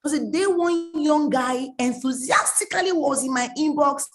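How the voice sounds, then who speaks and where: A woman's voice: high-pitched, moderate pace. A woman, giving an emphatic online coaching talk, scolding and repeating her warnings. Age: late 30s. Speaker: mentoring coach.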